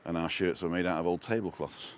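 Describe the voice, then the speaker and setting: Speaking quickly in a low, steady voice, this middle-aged Manchester man rambles through asides as he films himself walking along a seaside path. It's a relaxed vlog from a North West England creator, with slight hiss or hum audible.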